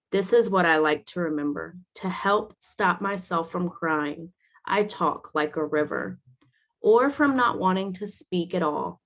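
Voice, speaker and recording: A woman teacher reading a picture book aloud to children, stopping gently to explain the pictures. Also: fairly low pitch. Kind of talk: read-aloud with commentary for children. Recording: dull lo-fi recording.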